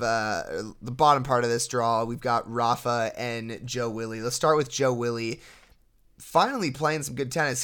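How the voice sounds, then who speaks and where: A young man co-hosting a sports podcast, breaking down matches in a relaxed, analytical way with frequent restarts. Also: medium pitch, smooth. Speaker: podcast co-host. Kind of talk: casual sports podcast chat.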